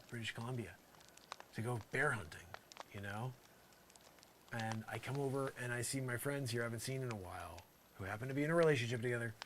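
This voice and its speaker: A man doing an improvised comic monologue, rambling and sarcastic, swinging between loud outbursts and muttered asides. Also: mid-range voice, noisy background. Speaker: comedian.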